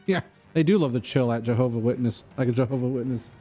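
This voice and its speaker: A man's voice: medium pitch, fast, warm tone, soft background music. A man streaming a video game, chatting casually in a rambling, joking way that keeps drifting off topic. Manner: rambling, joking, easily sidetracked. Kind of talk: casual chat while gaming.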